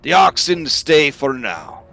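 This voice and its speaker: A man voicing a blue-nosed giant who speaks in halting, broken phrases. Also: fairly high pitch, sing-song, gravelly, sharp tone, faint music behind, voice pushed up, full character voice. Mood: grudging. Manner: halting broken speech, slow.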